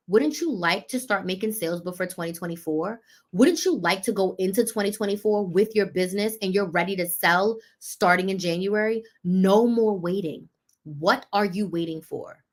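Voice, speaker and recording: A woman business coach, pitching her program and coaching on a live stream with emphatic, repeated rhetorical questions.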